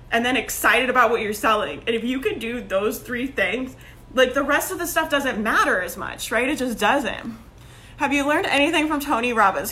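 A woman, a business coach talking casually and energetically to her online group, laughing often. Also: a little high. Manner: chatty and energetic, laughs often, says like and right a lot. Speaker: business coach hosting a Facebook group live video. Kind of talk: casual motivational live-stream talk.

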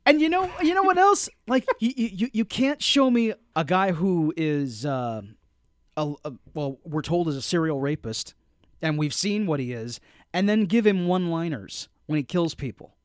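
A man co-hosting a casual movie review chat, animated and indignant, often stumbling and restarting his sentences. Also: on the high side, moderate pace, no room sound, studio quality. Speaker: podcast co-host.

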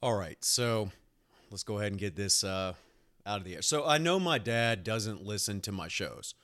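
A young man hosting his own podcast, rambling through a personal story in casual chat, animated and swearing freely, with lots of "like" and "uh.". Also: on the low side, normal speed. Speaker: podcast host and nurse.

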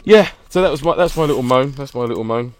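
A man's voice: medium pitch, expressive, quick pace. A man co-hosting a podcast, ranting with laughter in a casual chat. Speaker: podcast co-host.

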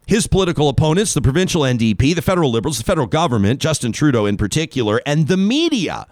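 A Canadian man delivers a pointed political monologue from behind a talk radio microphone, stressing his key words with scorn. His pitch sits a little high and swings widely. The sound is dry and close, with no room around it. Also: no room sound. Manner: emphatic, sarcastic, dramatic pauses on key words. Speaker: radio talk show host.

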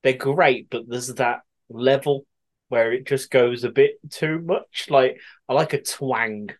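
A man's voice: medium pitch, slow pace. A man hosting a podcast, chatty and giggly as he reads listener answers in casual chat. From West Midlands, England. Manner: chatty and giggly, often laughing and swearing. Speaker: podcast host.

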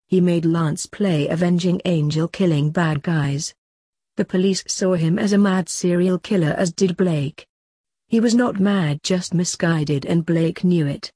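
A woman narrates a story in an even, unhurried reading. Her voice is low, dark and husky. It is recorded dry and close, with no room sound. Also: no echo.

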